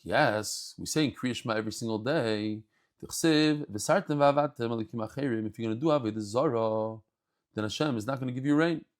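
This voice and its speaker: A man giving a daily Talmud lesson, telling the stories in an animated way and mixing English with Hebrew and Yiddish terms. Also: medium pitch, a little fast. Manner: animated storytelling, acts out scenes. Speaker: Talmud teacher.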